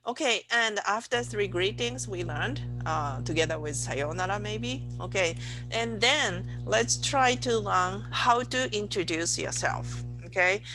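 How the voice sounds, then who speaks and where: A middle-aged woman from Japan with a Japanese accent, teaching a beginner Japanese lesson in English. She repeats words slowly and often checks in with "okay?". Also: medium pitch, expressive, music in the background, rough recording. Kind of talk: online language lesson.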